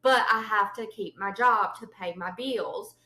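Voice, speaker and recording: Bright-voiced woman storyteller. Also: medium pitch, measured pace, echoey room, rough recording. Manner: animated storyteller, acts out quotes with sudden yelps. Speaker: podcast co-host. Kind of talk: casual chat.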